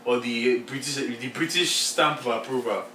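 A young Nigerian man with a Nigerian accent, co-hosting a podcast in animated casual chat, often restarting his sentences. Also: mid-range voice, normal speed. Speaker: podcast co-host. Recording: echoey room, a little far from the mic, faint noise.

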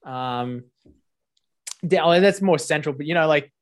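A man's voice: a little high, measured pace. An Australian man co-hosting a podcast, chatting bluntly and swearing freely. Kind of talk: casual chat.

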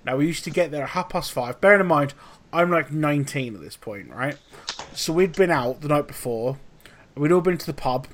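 A young man hosting a podcast, telling a story in casual chat, with lively swearing and acted-out quotes. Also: a little high, fairly quick, a little hiss or hum. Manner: animated, swearing, acts out quotes. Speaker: podcast host.

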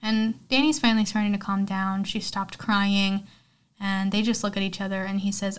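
A woman's voice: medium pitch, level tone, normal speed, smooth. A woman hosting a podcast, recapping a movie in a rambling, casual way, with lots of "like" and some swearing. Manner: rambling, heavy on "like", swears freely. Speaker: podcast host.

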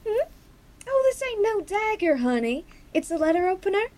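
A woman doing a brassy high American bombshell. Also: very animated, moderate pace, darkish tone. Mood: sassy. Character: brassy young American widow-to-be. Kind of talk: comedy audio drama acting.

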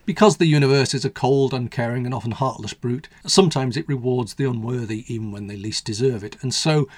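A man from the United Kingdom, a radio host narrating a scripted story in a wry, measured way. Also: medium pitch, no echo.

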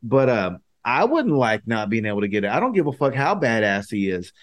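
A man's voice: mid-range voice, big pitch swings, fairly quick. A man co-hosting a podcast, joking and teasing in blunt, profane casual chat. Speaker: podcast co-host.

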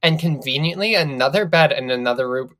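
A podcast co-host recapping a reality show in casual, animated chat, swearing freely and laughing often. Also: medium pitch, brisk.

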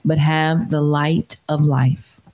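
A person reading scripture aloud in a steady, measured way during a sermon. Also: mid-range voice, rough recording. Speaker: scripture reader.

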